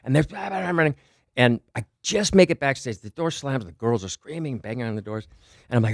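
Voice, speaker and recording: A middle-aged man telling stories as a podcast guest, excited and profane, acting out the people in his anecdotes. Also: medium pitch, fairly quick, gravelly, dry recording, clean studio sound. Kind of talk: animated storytelling.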